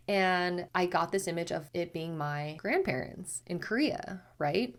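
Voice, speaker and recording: A woman, a spiritual teacher, casually telling a personal story to camera in a chatty way, full of "like" and lively quotes of herself. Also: fairly low pitch, slow pace, hardly any pauses. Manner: chatty, lots of "like", animated self-quotes.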